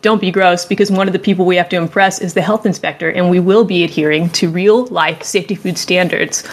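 A woman hosts a casual chat show in a slightly low voice. She rambles with animated, joking enthusiasm, quick asides breaking into her review. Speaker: podcast host reviewing a game.

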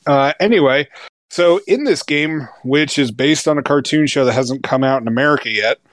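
A man's voice: mid-range voice, moderate pace, no room sound. A man in his thirties reviewing a video game in casual chat, rambling with lots of fillers and restarts, and laughing easily. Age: 30s. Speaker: game reviewer, podcast co-host.

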